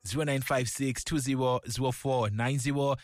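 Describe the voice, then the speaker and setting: A man's voice: mid-range voice, fairly even intonation, moderate pace, no echo, studio quality. Man hosting a radio show. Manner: effusive, warm-hearted and exclamatory. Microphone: studio mic.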